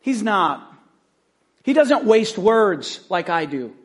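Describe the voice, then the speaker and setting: A man pastor preaching a conversational sermon, telling the story in an animated, casual way. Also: sits high, slow pace.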